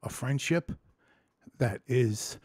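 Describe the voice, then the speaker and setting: Taking it slowly, with a breathy edge, a man tells his story in an open personal vlog, rambling with many restarts and curse words. Emotional throughout, he goes from excited narration to low, quiet reflection. The recording is dry.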